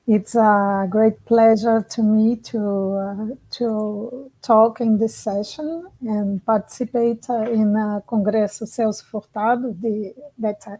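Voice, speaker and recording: A woman's voice: a little high, dark tone, rough recording. A woman speaking hesitantly at a conference over a video call. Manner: slow, hesitant, with many fillers. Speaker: panel speaker. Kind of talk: conference talk.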